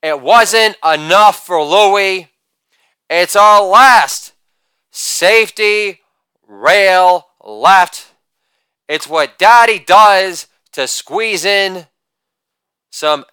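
Man, forties, stand-up comic, punchy one-liners, shouted catchphrase, slow deliberate pace, dry close sound. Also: high voice, clear, resonant tone, no echo. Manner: punchy joke delivery with a shouted catchphrase after each bit. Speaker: stand-up comedian. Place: at home.

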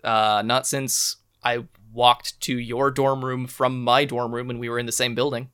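A man's voice: medium pitch, little pitch movement, a little slow, a bit bright, smooth. A young man co-hosting a podcast, chatting casually in a self-deprecating way into his microphone. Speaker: podcast co-host. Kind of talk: casual chat.

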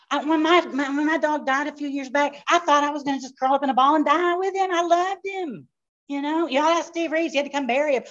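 A woman pastor, teaching a live class in a fast, animated storytelling way with quick asides. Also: high voice. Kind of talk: live-recorded church class. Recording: dull lo-fi live recording.

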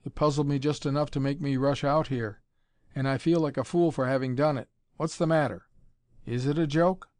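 A man's voice: mid-range voice, steady tone, moderate pace, a little mellow, dry recording, lightly acted. A man voicing an irritable young male physicist in an audiobook, speaking curtly and with annoyance. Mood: impatient. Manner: curt, annoyed.

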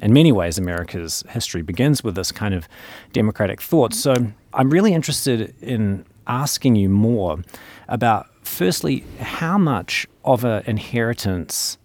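Low-voiced New Zealand man hosting. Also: lively intonation, darkish tone. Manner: measured, thoughtful, with small restarts. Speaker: podcast host, professor. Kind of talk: academic interview.

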